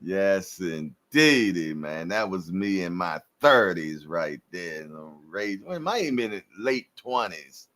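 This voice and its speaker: A low-pitched man in his fifties takes his time, drawling through a relaxed live-stream chat. He leans on slang and keeps tagging lines with "man". He laughs easily between thoughts. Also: a little slow, hardly any pauses. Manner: laid-back slang, repeats "man" and "yes, indeed". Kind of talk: casual chat with live chat viewers.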